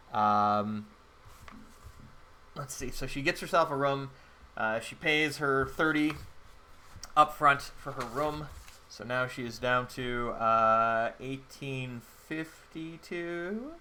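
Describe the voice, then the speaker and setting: A man hosting his channel plays a solo tabletop game, narrating the play-through by thinking aloud in a rambling way with many fillers. His medium-pitched voice sounds pushed and bright, with a little hiss or hum.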